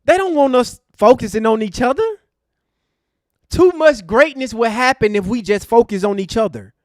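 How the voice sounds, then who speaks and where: A man's voice: extremely high pitch, normal speed, no room sound, clean studio sound. A man hosting an online show, delivering a fiery, preachy rant to his live chat. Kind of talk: impassioned livestream rant.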